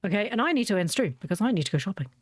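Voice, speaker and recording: A woman's voice: medium pitch, big pitch swings, rapid-fire, husky, no room sound. A woman streamer chatting casually during a livestream, rambling through anecdotes.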